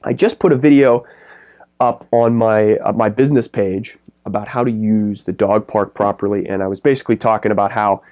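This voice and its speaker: A middle-aged man coaching pet business owners straight to camera, talking in quick, energetic, rambling bursts. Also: lowish voice. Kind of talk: direct-to-camera business advice.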